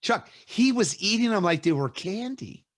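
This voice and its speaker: A middle-aged man with a fairly high voice hosts a casual interview. He tells stories in an animated way, jumps into little acted-out quotes and laughs along as he goes. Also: moderate pace, dry recording, clean studio sound. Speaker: host.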